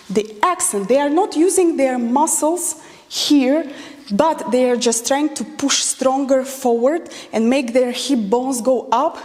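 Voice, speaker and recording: A woman's voice: high voice, mellow. A woman teaching a dance lesson, counting beats aloud as she demonstrates moves and explains common mistakes. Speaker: dance instructor. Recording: long hall reverb.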